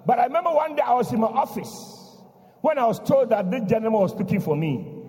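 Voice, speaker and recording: A man preaching, telling a story dramatically and breaking into shouts. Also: extremely high pitch, animated, quick pace, long reverb tail. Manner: dramatic, bursts into shouting, repeats a refrain. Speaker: pastor. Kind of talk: sermon storytelling. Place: church.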